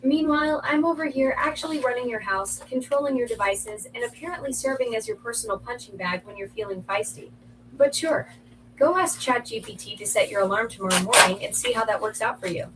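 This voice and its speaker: A synthetic woman voices a cheeky home assistant with a quick, teasing comeback for everything. Her tone sits a bit high. She plays out of a speaker across a noisy room. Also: far from the mic. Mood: sassy. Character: sassy female smart-speaker assistant. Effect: played through a home smart speaker.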